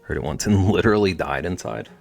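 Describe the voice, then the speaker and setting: A man's voice: low voice, fast, gravelly. A man streaming casually while drawing, rambling and chatty, often trailing off into mumbles. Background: faint background music.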